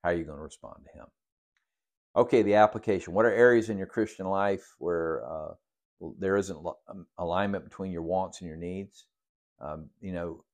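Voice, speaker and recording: A man with a very low voice leads a Bible study as a sermon. He works through numbered questions one by one and often restarts his sentences. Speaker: pastor leading a Bible study.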